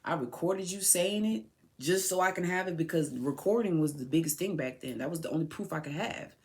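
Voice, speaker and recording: A woman's voice: on the low side, brisk, a little mellow. A woman podcast host speaking directly to her son, raw, tearful and heartfelt. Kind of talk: emotional personal address to her son.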